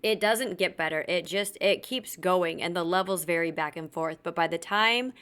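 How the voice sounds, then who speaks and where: A woman's voice: fairly low pitch, moderate pace, a bit bright, smooth. A woman hosting a podcast, telling a personal story candidly and bluntly, swearing freely and acting out what others said. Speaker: podcast host.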